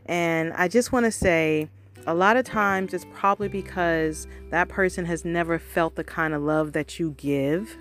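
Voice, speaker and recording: Recording herself for her channel over soft background music, a woman vlogger delivers an earnest, casual motivational monologue. Her voice sits on the low side with a measured pace and a bit of brightness. She calls listeners "y'all" and keeps asking, "you know what I mean?"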